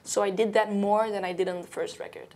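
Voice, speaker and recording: A woman's voice: mid-range voice, flat delivery, fast talker, a little mellow. A young woman from Belgium, a singer talking casually in an interview, loose and chatty with many fillers and small slips. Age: young adult.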